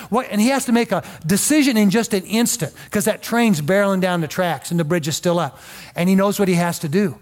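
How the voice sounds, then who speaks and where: A man's voice: high-pitched, quick pace. A middle-aged male pastor preaching a sermon, telling a story earnestly and building it to emotional peaks. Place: church.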